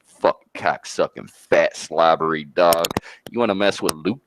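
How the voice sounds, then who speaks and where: A man's voice: sits low, a little slow. Man, brash wrestling-style trash talk, profane, boastful, faint hiss behind. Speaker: co-host.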